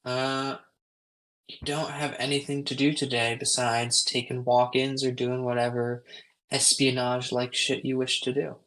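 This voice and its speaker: A man's voice: medium pitch, level tone, unhurried, a bit bright, low-quality recording. A man narrating as game master for a tabletop game, loose and full of ums and uhs. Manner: loose, filler-heavy narration.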